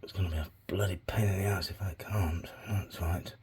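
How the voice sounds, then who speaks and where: A man's voice: low voice, fairly even intonation, brisk, darkish tone, husky. A man making clay pots as he talks, rambling and swearing freely, often muttering asides under his breath. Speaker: crafting hobby vlogger. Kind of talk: casual crafting tutorial.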